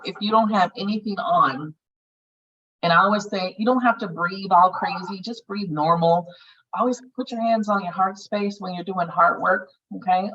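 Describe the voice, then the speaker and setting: This woman guides a group meditation in a healing circle, her talk casual and earthy and full of swearing. She has a low, bright, forceful voice. The recording is dull and lo-fi, with her placed far from the mic.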